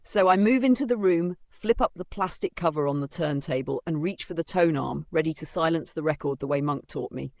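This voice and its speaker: A man's voice: a little high, a little fast, vocal fry, few pauses, no room sound. A man narrating a first-person novel in a dry, sardonic storytelling manner. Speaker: audiobook narrator.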